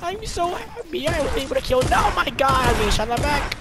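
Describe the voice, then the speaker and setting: A gamer putting on a hoarse, raspy voice to troll strangers in voice chat, with panicky, squealing exclamations. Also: high-pitched, big pitch swings, fast, heavy background noise.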